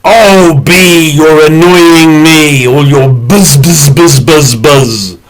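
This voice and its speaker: A man voicing an angry, irritable man in a told story, loud and exasperated. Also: on the high side, extremely slow, rough recording. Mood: annoyed.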